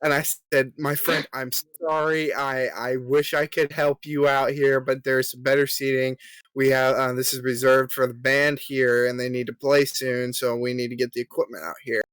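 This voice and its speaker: A man's voice: mid-range voice, flat delivery, moderate pace, a bit bright, smooth, dry recording. A young man co-hosting a podcast, telling a story in casual chat with lots of ums and acting out the quoted lines. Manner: filler-heavy, polite, acts out quoted lines. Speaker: podcast co-host.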